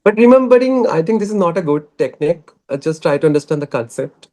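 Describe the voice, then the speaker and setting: A man's voice: on the high side, animated, quick pace, dark tone. A young man with an Indian English accent, a guest talking earnestly and a little hesitantly about learning English. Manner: earnest, hesitant, laughs often. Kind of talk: casual chat.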